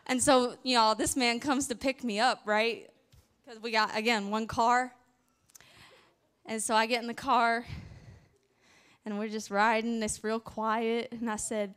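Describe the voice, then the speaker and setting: Southern woman, casual faith testimony, chatty, fairly high smooth voice. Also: a little slow. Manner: chatty, animated, many fillers and restarts. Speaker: ministry worker sharing testimony.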